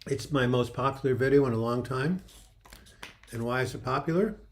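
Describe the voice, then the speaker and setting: A man's voice: mid-range voice, normal speed. A man in his seventies hosting a casual livestream, rambling and joking as he greets viewers by name, his throat a little dry. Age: 70s. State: dry throat with occasional coughing. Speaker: livestream host.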